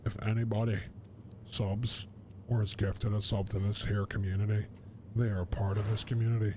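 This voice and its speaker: A man putting on a low, dark mob boss voice, flat and threatening as he hands out orders. The delivery barely rises or falls, with a faint hum behind it. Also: moderate pace, lightly acted. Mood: menacing. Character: menacing mob boss hiring a hitman.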